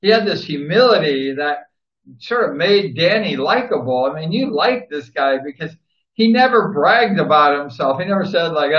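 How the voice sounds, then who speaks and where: Speaking at normal speed with lively intonation and a fairly high pitch, a man rambles enthusiastically about a speedway rider, repeating himself as he goes. This casual tribute comes through a roomy, dull lo-fi recording.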